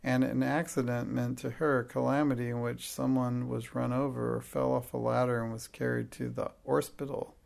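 Gravelly male audiobook narrator. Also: medium pitch, flat delivery, moderate pace, hardly any pauses, a little mellow.

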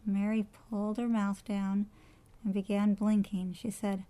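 A woman narrating a children's storybook aloud with an expressive storytelling delivery. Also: mid-range voice, measured pace.

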